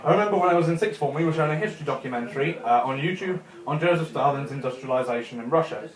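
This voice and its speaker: A man's voice: fairly high pitch, rapid-fire. A young man doing a chatty stand-up set in a comedy club, chuckling at his own jokes. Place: comedy club room with a live audience. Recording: echoey club room.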